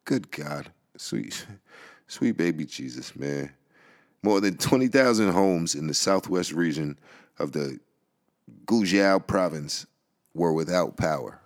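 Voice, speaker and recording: A man with a low-sitting voice and lively intonation speaks slowly. He hosts a podcast in New York, ranting casually, rambling, laughing often, and swearing.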